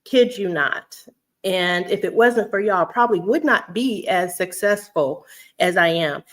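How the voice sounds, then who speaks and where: A woman's voice: lowish voice, expressive, a little slow, a bit bright. Chatty woman vlogger. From Houston, Texas. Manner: chatty, laughs often, talks straight to her audience. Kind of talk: casual chat to viewers.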